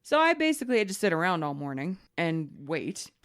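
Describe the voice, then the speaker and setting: A woman's voice: lowish voice, fairly quick. A woman co-hosting a podcast, chatting casually and acting out the voices in her story. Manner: animated storyteller, acts out dialogue in other voices. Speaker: podcast co-host.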